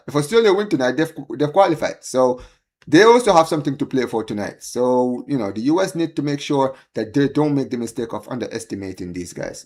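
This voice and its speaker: Streamer host, male, live match watchalong, excitable fan ranting to chat. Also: mid-range voice. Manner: excitable, pleading, exasperated fan rants; chatty, addresses viewers as guys and bro. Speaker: livestream host. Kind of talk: live football watchalong commentary.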